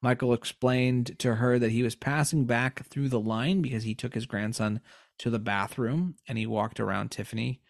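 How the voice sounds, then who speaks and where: A man's voice: medium pitch, steady tone, normal speed, gravelly, dry recording, studio quality. A young man co-hosting a podcast, telling a news story with sarcastic jokes and losing his voice. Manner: joking, sarcastic asides. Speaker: podcast co-host. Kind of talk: casual chat, reading a news story.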